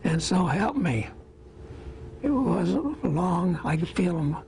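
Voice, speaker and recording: A man in his eighties from Iowa, a war veteran telling his memories in an interview, plain-spoken and halting, with small pauses. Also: high-pitched, very animated, gravelly, noisy background.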